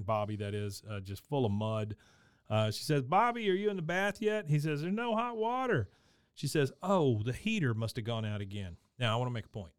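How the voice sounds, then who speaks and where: A man's voice: on the low side, a little mellow, clear, resonant tone, no room sound, studio quality. A man co-hosting a podcast, casually retelling cartoon scenes and briefly mimicking the characters. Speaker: podcast co-host. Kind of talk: casual episode recap chat.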